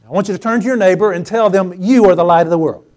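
A man preaching a sermon to a congregation, repeating phrases with rising emphasis and swelling loud on key words. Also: high-pitched, very fast. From Pacific Northwest US. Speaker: pastor. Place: church sanctuary before a congregation.

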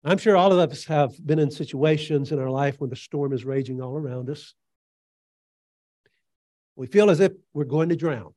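A man with a slightly higher voice delivers an earnest sermon, pausing often on fillers while he retells a scripture story. The sound is dry and close, with almost no room echo. He drops low and quiet on reflective lines, then lifts his voice for quoted speech. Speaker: preacher.

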